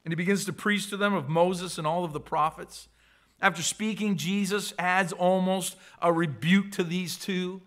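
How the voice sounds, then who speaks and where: A man's voice: sits high, steady tone, moderate pace, fairly bright tone. A man preaching a sermon, acting out the voices of scripture figures with dramatic swings and frequent repeated words. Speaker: pastor.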